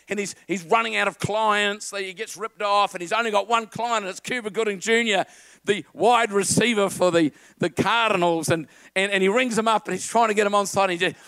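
A man preaching a lively sermon to a congregation, quoting film lines and getting the crowd to repeat after him. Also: high-pitched, clean tone, no room sound. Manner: animated, quotes film lines and calls on the congregation.

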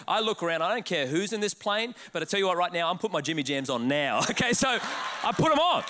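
A man with an Australian accent preaches in a high, bright voice. He tells a comic, self-mocking story with lots of energy and quick asides. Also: sing-song. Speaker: pastor.

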